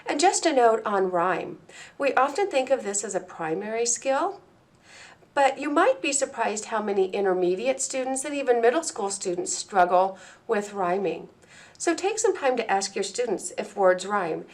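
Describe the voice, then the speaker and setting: A woman presenting a training lesson for teachers, speaking clearly and deliberately and slowing down to model words and sounds. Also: a little high, animated. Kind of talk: instructional presentation.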